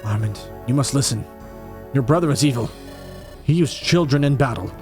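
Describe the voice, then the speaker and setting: A man's voice: mid-range voice, animated, moderate pace, darkish tone, faint music behind, lightly acted. A man voicing a treacherous general who argues slyly and insistently. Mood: accusing. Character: treacherous male general, sly and accusing. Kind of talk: fan audio drama acting.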